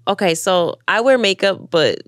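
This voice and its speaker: A woman hosting a cooking show, chatting playfully with her guest in a kitchen and firing off animated questions. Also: medium pitch, moderate pace, no room sound, clean studio sound. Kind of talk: casual interview chat.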